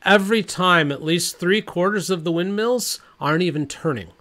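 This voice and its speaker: A man's voice: high voice, moderate pace, pushed and bright. A middle-aged man giving blunt, exasperated commentary on the news from his home. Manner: blunt, exasperated, reads quotes aloud. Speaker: commentary channel host.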